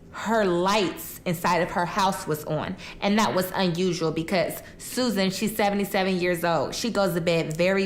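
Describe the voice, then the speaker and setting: A woman's voice: medium pitch, a little hiss or hum. A young woman casually telling a true crime story while eating, chatty and colloquial, acting out the quotes.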